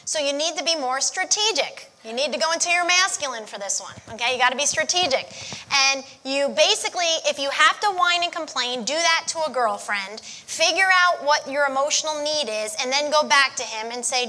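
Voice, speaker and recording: A woman's voice: sits high, animated, brisk, pushed and bright. A woman teaching a church marriage class, giving direct advice and often checking in with "okay?". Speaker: marriage counselor.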